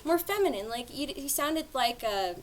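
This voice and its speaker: A woman's voice: high-pitched, animated, normal speed, crowd noise. A woman hosting a podcast, chatting casually with playful, whiny protests. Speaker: podcast host.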